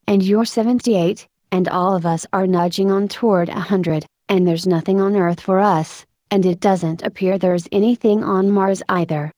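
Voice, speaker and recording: A woman's voice: fairly low pitch, darkish tone, dry recording, studio quality, natural voice. A woman reading the lines of a fiery, proud woman of eighty-five who speaks out indignantly to a crowd, in storybook narration. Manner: indignant, forthright.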